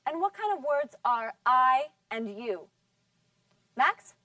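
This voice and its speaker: A woman runs a scripted class in a fairly high voice, patiently drawing out each model word. She sits back from the mic, and the room sounds dry. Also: sing-song, pushed and bright, dry recording, distant mic. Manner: patient, drawn-out model words. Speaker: English teacher.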